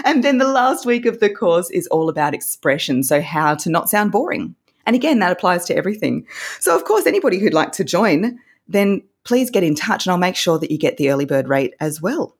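A woman's voice: on the low side, sing-song, fairly quick, breathy edge. A woman, a voice coach, explaining her course in an upbeat, instructive way as an interview guest. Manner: upbeat, instructive, demonstrates vocal techniques.

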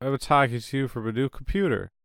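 A man's voice: medium pitch, brisk, creaky, a bit bright, no room sound, studio quality. A young man, joking around as podcast co-host. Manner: jokey, acts out silly voices. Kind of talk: casual chat.

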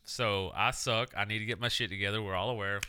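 A man's voice: fairly low pitch, steady tone, fast talker, background noise. A man co-hosting a podcast in casual chat, trading joking, profane banter. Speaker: podcast co-host.

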